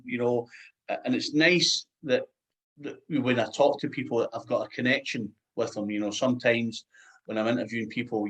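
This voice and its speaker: A man's voice: medium pitch, poor audio. A man with a Scottish accent interviewing guests in a casual chat, rambling with lots of "you know" and restarts.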